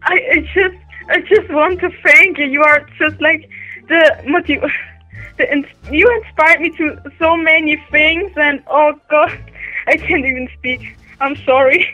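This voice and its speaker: A woman calling in as a fan, giggly and flustered, stammering through an excited phone call. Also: sits high, measured pace, soft background music. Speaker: fan caller.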